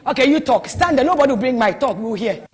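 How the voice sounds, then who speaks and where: A high-pitched woman preaches to a gathering, swinging between hushed asides and loud, emphatic outbursts. Her voice rings with a long hall reverb. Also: fast. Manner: animated, swings from soft to loud exclamations. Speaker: prophetess. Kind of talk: preaching at a marriage conference.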